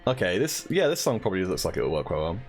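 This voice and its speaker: A man's voice: deep voice, sing-song, fast talker, faint music behind. A man co-hosting a live stream, chatting casually and laughing often. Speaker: streamer and co-host.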